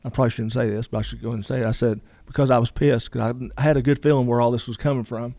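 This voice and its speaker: A man's voice: medium pitch, steady tone, rapid-fire, dark tone, dry recording. A man, a guest telling a long story in a casual interview, rambling with lots of "you know" asides.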